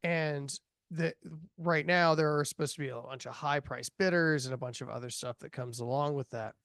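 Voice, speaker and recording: A man in his thirties hosting a podcast, talking casually in a rambling way, full of fillers and quick laughs. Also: medium pitch, a bit bright, no room sound, clean studio sound. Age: 30s. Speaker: podcast host reviewing a horror film. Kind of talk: casual chat.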